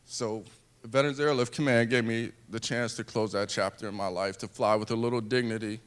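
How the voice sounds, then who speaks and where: A man in his thirties, a wounded veteran, giving an earnest personal speech to an audience, speaking haltingly with restarts. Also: on the low side, fairly even intonation, smooth.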